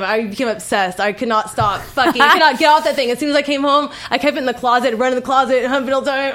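Young woman, talk-show guest, giggly, fillers, higher voice. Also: fairly even intonation, fast, few pauses, a bit bright. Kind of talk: casual chat.

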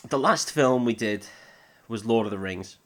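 A man's voice: medium pitch, normal speed. A young man, co-hosting a casual film podcast, swearing and laughing as he chats. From Northern England. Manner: banters and swears, laughing often. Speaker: podcast co-host.

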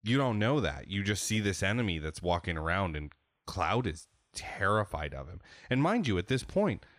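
A man in a casual podcast chat, talking in an animated, profane, storytelling way. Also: low voice, moderate pace, dry recording, studio quality.

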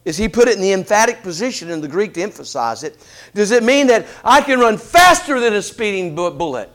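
A man preaching a sermon, asking rhetorical questions in an animated delivery. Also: high-pitched, a little fast.

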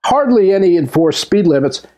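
A man's voice: high-pitched, expressive, moderate pace, dark tone. A man co-hosting a comedy talk show, joking and hesitating with many ums. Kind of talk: casual comedic banter.

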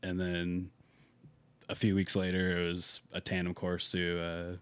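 A young man who works as a tandem skydiving instructor, chatting casually in a relaxed, halting way and laughing easily. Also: sits low, clear, resonant tone, dry recording. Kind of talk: casual podcast chat.

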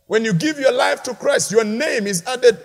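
A male pastor preaching a lively sermon in a large church hall, mixing shouted peaks with playful asides. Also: very high-pitched, normal speed. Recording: long hall reverb from a church.

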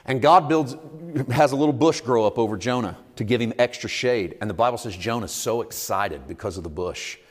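A man preaching a sermon to a congregation that answers him, moving from calm storytelling to loud, emphatic climaxes. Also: mid-range voice, a little fast, hardly any pauses. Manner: preaching with congregation call and response. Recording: long reverb of a large hall.

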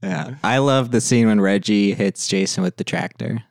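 Laid-back low-voiced man. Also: moderate pace, no echo, studio quality. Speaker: podcast guest. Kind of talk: casual podcast chat about a film.

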